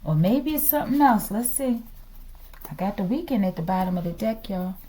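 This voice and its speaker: Animated woman reading tarot cards. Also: mid-range voice, moderate pace, noisy background. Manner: animated, calls out "collective" and "okay?" often. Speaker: tarot reader. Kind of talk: casual tarot reading to viewers.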